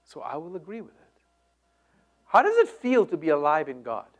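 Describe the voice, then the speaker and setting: Preacher dropping to whispers, then rising. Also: male voice, fairly high pitch, huge pitch swings, normal speed. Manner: dynamic delivery, swinging from loud emphasis to near-whispers. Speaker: pastor. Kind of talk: sermon.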